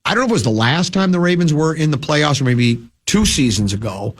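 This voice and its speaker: A man hosting a sports talk radio show, sounding lower than usual from a cold, rambling and restarting his sentences. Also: lively intonation, fairly quick. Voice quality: usually whiny and nasal.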